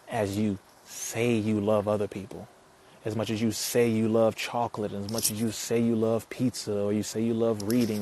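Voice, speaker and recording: A man with a mellow, lowish voice talks casually to viewers on a live stream, with a little hiss or hum in the audio. He reads their comments and answers them in a preachy, emphatic way, repeating his points.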